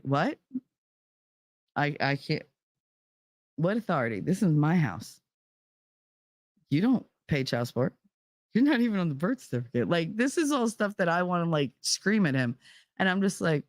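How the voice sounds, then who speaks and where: A middle-aged woman chats on a live stream from home, getting heated and cursing freely as she talks. Her voice sits low, and the sound is dry, with no room echo. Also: very animated, normal speed, long pauses. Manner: heated, profane storytelling. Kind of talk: casual chat.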